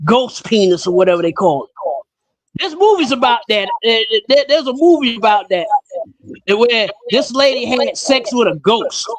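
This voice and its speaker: A man hosting a casual podcast chat, talking bluntly and in an animated way, his pitch jumping up when he gets riled. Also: normal speed, no room sound. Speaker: podcast host.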